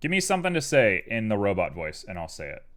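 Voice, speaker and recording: Playful man with a lively low voice. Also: fast talker. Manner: playful and goofy, chatting with viewers. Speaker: live streamer doing 3D art. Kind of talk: casual chat while working.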